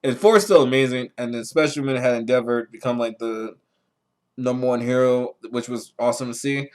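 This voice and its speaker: A young man talks on his own podcast in a loose, rambling way, cursing freely. His voice sits at a middle pitch and leaps sharply upward whenever he gets fired up. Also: fairly quick. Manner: rambling, profane, excitable, pitch jumps when worked up. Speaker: podcast host. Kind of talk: casual solo chat about anime.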